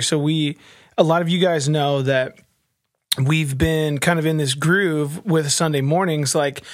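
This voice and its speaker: A chatty man co-hosting a church podcast, his voice sitting a little high. He laughs often and restarts his sentences. The sound is dry and close, with no room echo. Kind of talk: casual chat.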